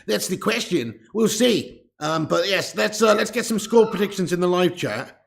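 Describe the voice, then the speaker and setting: Brief: male streamer hosting a football watch-along, gravelly and excitable, casual and sweary. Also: high-pitched, moderate pace. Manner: excitable and chatty, casual swearing, greets chat viewers.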